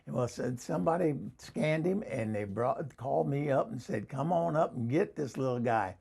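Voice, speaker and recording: A man playing an excitable, dog-loving hillbilly woman with a Southern accent in a comic character vlog, gushing and rambling with lots of laughs. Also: mid-range voice, normal speed, creaky, breathy edge. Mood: chatty.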